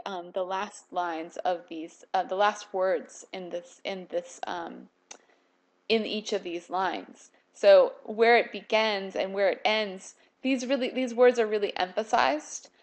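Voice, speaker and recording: A woman teaching a college poetry class in a recorded lecture. She halts often with fillers and restarts, then slows down to read lines of verse aloud. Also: mid-range voice. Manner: hesitant, many fillers and restarts; reads poem lines aloud slowly. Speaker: college English instructor.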